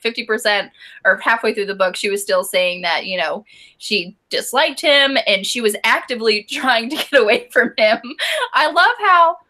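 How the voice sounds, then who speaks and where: A woman's voice: mid-range voice, bright, forceful tone. A woman co-hosting a casual book club discussion, chatty and giggly, reading out listener comments.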